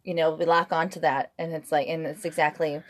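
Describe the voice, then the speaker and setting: An American woman co-hosting a podcast with her husband, telling stories in a lively, laughing way. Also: low-pitched, brisk. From United States. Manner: animated, laughing, acts out quoted voices. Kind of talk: casual chat.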